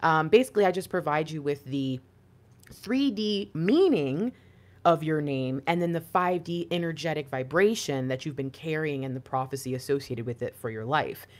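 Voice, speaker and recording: Talking to viewers in a low-sitting voice at a moderate pace, a woman does an intuitive card reading. The spiritual monologue is lively and chatty, with many rhetorical questions thrown in.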